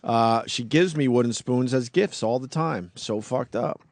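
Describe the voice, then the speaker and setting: A man's voice: mid-range voice, a little slow, dry recording. A middle-aged man hosting a radio talk show, blunt and wry, swearing casually, at a studio microphone.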